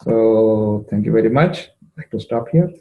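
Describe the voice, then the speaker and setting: A man telling a devotional story, emotive and rising in pitch at moving moments, with frequent fillers. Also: normal speed, narrow, tinny audio. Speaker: spiritual storyteller.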